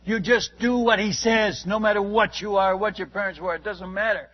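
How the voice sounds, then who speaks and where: A man's voice: high-pitched, steady tone, moderate pace, muffled recording. A man, a missionary, telling his testimony as a sermon to a congregation, in an emphatic storytelling manner and asking his listeners direct questions.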